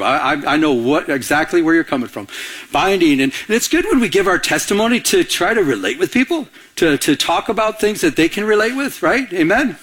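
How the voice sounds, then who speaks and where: A man preaching a sermon to a congregation, asking for amens and acting out the scripture he quotes. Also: fairly high pitch. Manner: animated preaching with audience call-outs and acted-out quotes. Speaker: pastor.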